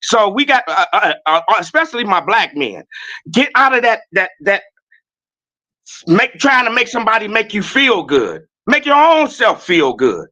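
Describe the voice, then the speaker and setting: A man calling in to a talk show, telling stories in a loud, blunt, preachy way. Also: high-pitched, big pitch swings, moderate pace, rough recording. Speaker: caller. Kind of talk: casual talk-show call.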